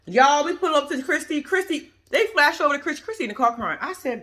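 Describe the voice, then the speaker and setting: A woman's voice: sits high, animated, fairly quick, hardly any pauses, pushed and bright. A woman giving blunt, profane, casual reaction commentary to her viewers. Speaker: reaction vlogger.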